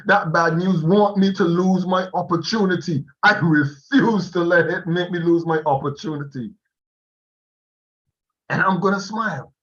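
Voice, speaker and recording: A high-pitched man speaks slowly and with animation to an online class over a video call, delivering a motivational talk and laughing frequently. The upper frequencies of the audio are cut off.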